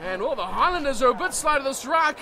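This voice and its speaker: Very high-pitched male game commentator. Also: fast talker, over a noisy crowd. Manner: surges into shouting on big plays, calmer in analysis. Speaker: rugby commentator. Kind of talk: video game play-by-play commentary. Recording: game commentary over loud music.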